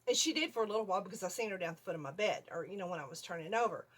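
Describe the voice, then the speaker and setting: An older woman vlogger telling a story in a casual, animated way from her home video room, often checking in with "okay?". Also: medium pitch, very fast, husky.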